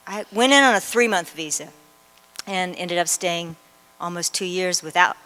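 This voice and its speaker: A woman's voice: lowish voice, moderate pace, bright, forceful tone, clean tone, long reverb tail, poor audio. A woman in her sixties recalling her past in a reflective, hesitant way. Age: 60s. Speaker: devotee sharing memories. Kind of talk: personal storytelling at a reunion.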